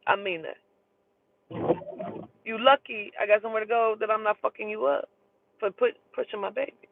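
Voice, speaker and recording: A woman telling a heated, profane story in an emphatic, animated way. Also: medium pitch, moderate pace, slight background noise. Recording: tinny phone-like sound.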